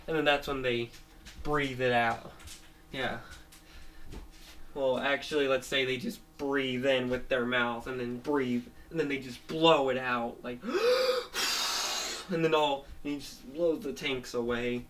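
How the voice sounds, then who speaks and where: A man's voice: medium pitch, steady tone, unhurried, a bit bright. A man casually retelling a made-up story, rambling with many restarts, fillers and small laughs.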